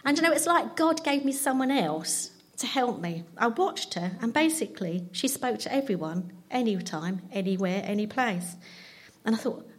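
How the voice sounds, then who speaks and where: A woman's voice: fairly high pitch, lively intonation, normal speed, slightly rough. A woman, giving a chatty, self-deprecating personal testimony at church. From London. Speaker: church speaker.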